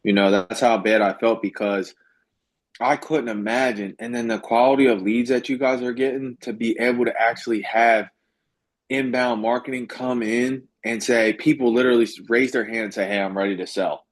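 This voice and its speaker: A man coaching a group on a video call, emphatic and animated, repeating his points to drive them home. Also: medium pitch, normal speed. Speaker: business coach.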